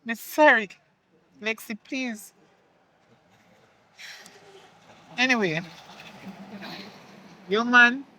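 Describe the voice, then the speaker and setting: A woman's voice: fairly high pitch, fairly bright tone, poor audio. A woman with a Jamaican accent playing a remorseful mother who pleads with her daughter in patois. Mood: tearful pleading. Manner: pleading, apologetic, speaks in patois. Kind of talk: film acting.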